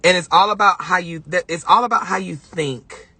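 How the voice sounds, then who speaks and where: A man's voice: sits high, normal speed, sharp tone, slightly rough, dry recording. A man talking on a phone live stream from a car, heartfelt and rambling, often repeating himself. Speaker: vlogger. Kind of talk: emotional live-stream monologue.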